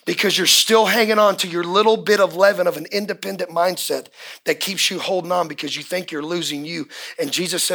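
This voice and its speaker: A man preaching a fiery sermon as pastor at a church service, often shouting and repeating key words. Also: high-pitched, steady tone, brisk, vocal fry.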